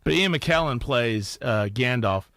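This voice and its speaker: A man's voice: mid-range voice, expressive, a little slow, fairly bright tone, dry recording. A man co-hosting a radio show, joking and bantering playfully in the studio. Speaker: radio co-host.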